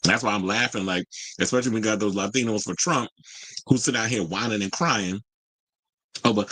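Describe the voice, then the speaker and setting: A man hosts a casual commentary show and reads out viewer comments with sass and strong opinions. His voice sits low, has a bright, forceful edge and some husky grain. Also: brisk, long pauses, dry recording, low-quality recording. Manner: animated, sassy, outspoken. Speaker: host.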